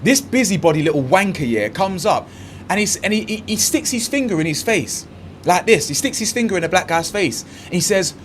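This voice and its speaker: A man's voice: sits high, brisk, slight background noise. A man doing fired-up reaction commentary, acting out what others said and using heavy street slang. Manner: animated and indignant, acts out quotes, heavy slang. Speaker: commentary channel host.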